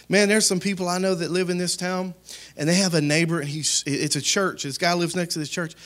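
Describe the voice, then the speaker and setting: A male pastor preaching a lively sermon in a slightly high voice. He talks to the congregation like a friend, then builds to loud, emphatic peaks. After those he drops back into quiet asides. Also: normal speed. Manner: conversational, addresses the congregation directly.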